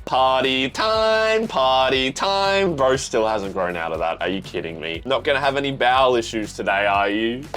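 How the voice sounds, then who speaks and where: A young man with an Australian accent, excitedly reacting to a manga, swearing often and calling things crazy. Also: fairly low pitch, a little fast, few pauses, soft background music. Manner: excitable, swears, says "bro" a lot. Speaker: manga reaction channel host.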